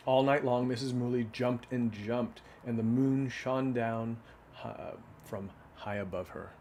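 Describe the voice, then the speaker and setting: A man's voice: medium pitch, steady tone, unhurried, a little mellow, slight background noise. A casual man reading picture books aloud. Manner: casual, with asides and fillers. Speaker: children's book reader.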